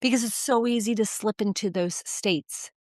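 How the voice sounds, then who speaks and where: A woman's voice: medium pitch, normal speed, darkish tone, no echo, clean studio sound. A woman hosting a podcast conversation, affirming and emphatic, speaking frankly. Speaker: podcast host, therapist.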